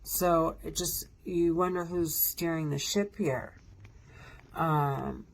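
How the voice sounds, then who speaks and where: Low gravelly woman, agitated and profane. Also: steady tone, slow. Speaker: vlogger. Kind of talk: casual monologue to camera.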